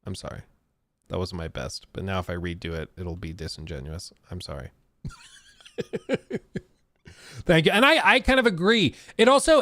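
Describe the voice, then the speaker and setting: A man's voice: a little high, a bit bright, no room sound, studio quality. A man hosting a casual gaming livestream, rambling loosely, laughing often and reading out chat messages. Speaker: gaming streamer.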